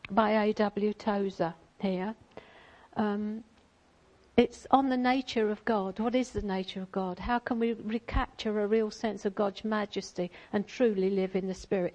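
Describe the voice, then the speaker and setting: A woman's voice: medium pitch, rough recording. A woman giving an informal church talk, chatty with frequent ums and asides, reading a storybook passage aloud. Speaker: church speaker.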